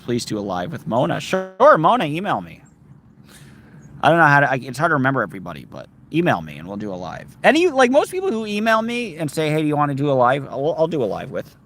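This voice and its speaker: Chatting with his stream's viewers from a park, a man speaks a little fast in a slightly high, somewhat bright voice with huge pitch swings. He playfully reads names and comments aloud and sings song fragments, over a little hiss or hum.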